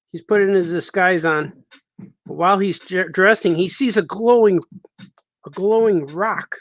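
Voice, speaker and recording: Chatty high-voiced cartoonist man. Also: dry recording, muffled recording. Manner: chatty, repeats and restarts himself as he works. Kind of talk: casual live-stream chat while drawing.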